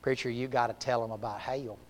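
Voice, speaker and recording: A man voicing a frail but feisty elderly woman near death, speaking softly and bluntly. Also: medium pitch, steady tone, a little fast, pitched below the performer's own voice, close to an everyday voice. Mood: frail, firm. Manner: soft, blunt and scolding. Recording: long hall reverb.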